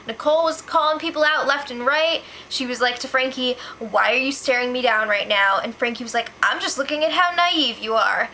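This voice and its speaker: A young woman hosting a casual reality show spoiler recap, chatty and gossipy with quick asides. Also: sits high, bright, forceful tone, slight background noise.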